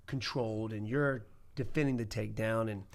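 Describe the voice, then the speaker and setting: A man in his thirties co-hosting a podcast, chatting in an easygoing, rambling way that often drops into a low mumble. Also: fairly even intonation, normal speed, creaky. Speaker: podcast host, pro fighter. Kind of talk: casual chat.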